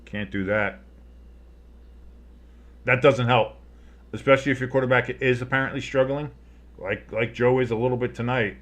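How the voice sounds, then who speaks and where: A man's voice: medium pitch, steady tone, normal speed, pauses often, fairly bright tone. A man giving casual live play-by-play commentary on a football game, rambling and swearing as he reacts. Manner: rambling, swears, restarts his sentences.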